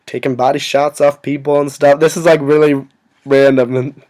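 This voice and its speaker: A young man casually telling a story to his viewers, rambling and filling every pause with "like". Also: a little high, flat delivery, a little mellow. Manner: rambling, full of "like" fillers. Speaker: vlogger.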